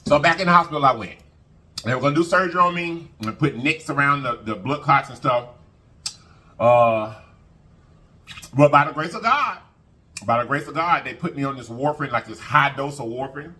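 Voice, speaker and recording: A man's voice: mid-range voice, lively intonation, moderate pace, pauses often, bright, forceful tone. A man vlogging an emotional personal story to his viewers, talking casually, repeating phrases and often thanking God. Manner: colloquial, addresses viewers as y'all. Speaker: mukbang vlogger.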